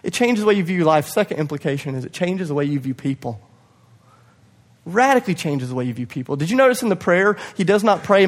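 A young man preaching a sermon to his church, passionate, swinging from loud urging to hushed quiet, with self-deprecating asides. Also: fairly high pitch, big pitch swings, a little fast. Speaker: pastor. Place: church hall.

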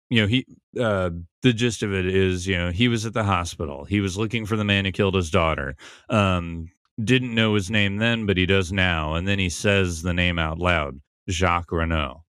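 A man's voice: low voice, a bit bright, smooth, no room sound, clean studio sound. A man hosting a podcast, casually recapping and analyzing a TV episode in a thoughtful, conversational way, thinking aloud as he goes. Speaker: podcast host.

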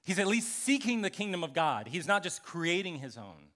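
A man's voice: high-pitched, moderate pace. A man preaching a sermon as a pastor, talking conversationally and acting out the people in the story. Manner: conversational, animated, acts out scripture characters.

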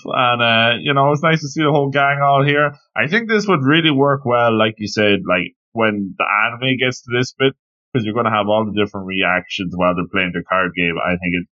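A man's voice: on the low side, dull audio. A man co-hosting a podcast, chatting casually and reacting to his partner. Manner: relaxed, reacts with short interjections. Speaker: podcast co-host. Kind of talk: casual chat.

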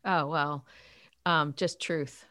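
Earnest woman, lowish voice, dry sound. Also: takes it slowly, no room sound. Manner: earnest, animated storytelling with faith talk. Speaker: author and youth ministry leader. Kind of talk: interview answers.

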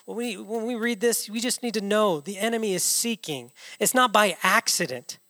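A man preaching with a high, ringing, bright voice, firing rhetorical questions at his congregation. His sermon carries long reverb from a church hall. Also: moderate pace. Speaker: pastor.

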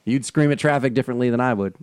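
A man co-hosting a casual chat, animated and laughing often, talking fast. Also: mid-range voice, clean tone, dry recording, clean studio sound. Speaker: podcast co-host. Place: Los Angeles area.

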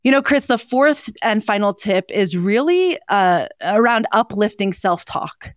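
A woman's voice: medium pitch, expressive, a little slow, no echo. A woman co-hosting a podcast, speaking in an earnest, conversational way with frequent ums and you-knows. Her voice sits in a middle register and is recorded close and dry, with no room sound. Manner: warm, earnest, with frequent fillers. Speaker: podcast co-host. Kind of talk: casual chat on hope and mental health.

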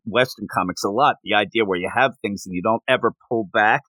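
A man co-hosting a casual podcast, recapping a manga chapter in an animated way and jumping up in pitch when he quotes characters. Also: a little fast, no room sound, rough recording. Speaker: podcast co-host.

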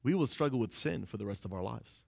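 Lively young male preacher, casual talk. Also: lowish voice, gravelly. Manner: casual, conversational preaching with frequent "like"; acts out inner voices in quick asides. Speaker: pastor. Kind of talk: sermon.

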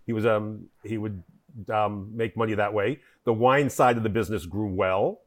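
A man's voice: lowish voice, fairly even intonation, moderate pace. A man, a wine importer, talking as a podcast guest and explaining history at length, with many fillers and restarts. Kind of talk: conversational interview.

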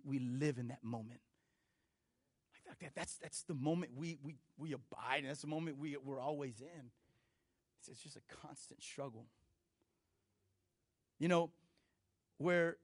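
Male pastor, middle-aged, high voice, dry close sound, chatty sermon delivery with restarts and jokes. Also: no room sound. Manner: conversational and animated, with many restarts and playful asides.

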